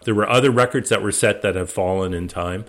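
Low-pitched guy casually rambling thru old voyage stories, laughs at his own jokes. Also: brisk, a bit bright. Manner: anecdotal, many restarts, laughs at own stories. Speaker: interview guest, expedition skipper. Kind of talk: relaxed storytelling.

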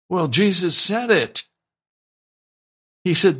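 A man's voice: mid-range voice, animated, unhurried, creaky, long pauses, a bit bright, slightly rough. A man preaching a sermon as pastor, fervent and emphatic, repeating his pleas. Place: broadcast sermon.

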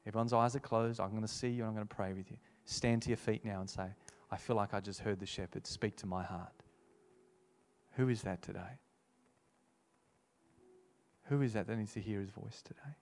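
A man with a somewhat low voice preaches an altar call to a congregation. He is earnest and repeats his key phrases. He slows down when he quotes scripture. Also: fairly even intonation.

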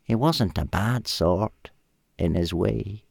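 An old ape man, put on by a man reading a story, slow and doubtful. He sounds thoughtful and measured. The voice is deep and close. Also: big pitch swings, no room sound, exaggerated voice. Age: older.

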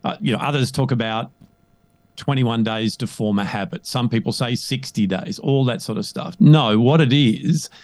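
A man speaking as a coach in a conversational interview, emphatic and animated, often checking in with "right?". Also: medium pitch, normal speed, no echo. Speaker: guest, leadership coach.

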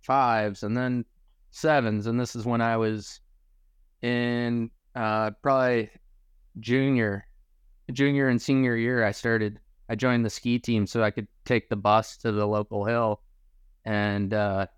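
A relaxed man in his forties, raised in Michigan, recalls his past in an easy, rambling way, dropping casual swears and calling people dude. His voice is smooth and clean, and the sound is dry and close. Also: mid-range voice, measured pace, dry recording. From Michigan, USA. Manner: laid-back, swears casually, says dude and bro. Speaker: podcast guest, skier. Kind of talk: casual storytelling chat.

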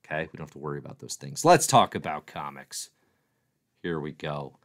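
A low-pitched man hosting a live stream, his voice swinging widely as he gets worked up. He talks casually and playfully, teases himself, and answers viewer comments on the fly. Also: a little fast. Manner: excitable, playful, self-mocking. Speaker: livestream host.

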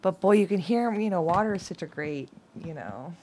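A middle-aged woman reading tarot and oracle cards in a rambling, chatty way, laughing often and at times dropping to a soft whisper. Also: lowish voice, lively intonation, brisk, a little hiss or hum. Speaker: tarot and oracle card reader. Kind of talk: casual card-reading chat.

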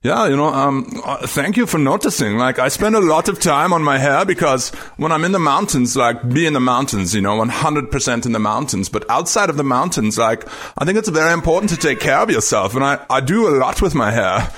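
A man's voice: medium pitch, lively intonation, brisk, few pauses, fairly bright tone, voice pushed up. A man impersonating an earnest, polite older male mountaineer in a raised, sincere voice.

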